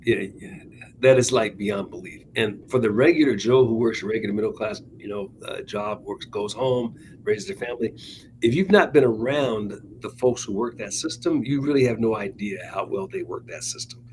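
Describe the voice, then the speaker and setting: A man's voice: fairly low pitch, moderate pace, darkish tone, a little hiss or hum, rough recording. A man co-hosting a political talk show, telling anecdotes in a chatty, wry way. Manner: chatty, wry, laughs at his own points. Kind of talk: casual political chat, anecdotal storytelling.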